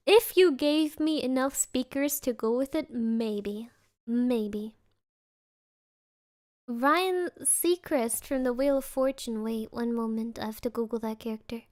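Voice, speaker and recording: A woman's voice: high voice, normal speed. A woman from Germany, a streamer in casual chat who keeps breaking into laughter. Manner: giggly, often breaking into laughter.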